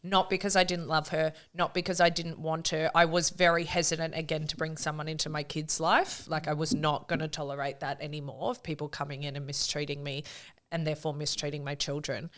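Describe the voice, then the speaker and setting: Aussie woman with a pretty low voice, podcast guest, earnest and emotional. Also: level tone, fairly quick, few pauses, fairly bright tone. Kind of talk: casual heartfelt chat.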